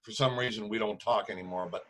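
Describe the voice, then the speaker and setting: A man in his sixties from Canada, a drummer guest telling stories in a relaxed interview, slipping into voices for the people he quotes. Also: on the low side, fast talker, low-quality recording. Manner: lively storyteller who acts out quoted voices. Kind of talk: casual interview storytelling.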